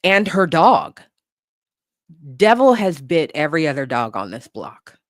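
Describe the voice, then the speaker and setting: A livestream host telling a story in a casual, lively way, swearing and laughing along the way. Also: medium pitch, unhurried, dry recording, studio quality.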